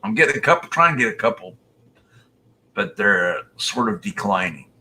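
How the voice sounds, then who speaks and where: A man's voice: on the low side, lively intonation, moderate pace, bright, forceful tone. A man hosting a casual live stream, chatting with callers and reading viewer comments aloud.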